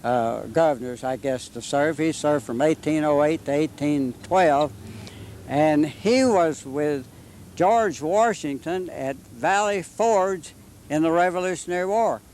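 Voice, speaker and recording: A man's voice: fairly high pitch, a little slow, a little mellow, slight background noise. A man, guiding a casual history chat in a historic house and drifting into anecdotes. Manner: folksy, anecdotal, drifts into side stories. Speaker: local history guide.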